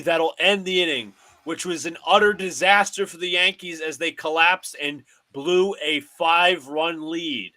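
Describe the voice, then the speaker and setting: A man calls a baseball game pitch by pitch for a live fan stream, his voice bright and forceful. He talks in short, clipped phrases, like a broadcast announcer. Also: a little slow, hardly any pauses. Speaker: play-by-play host of a fan stream. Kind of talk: live fan play-by-play commentary.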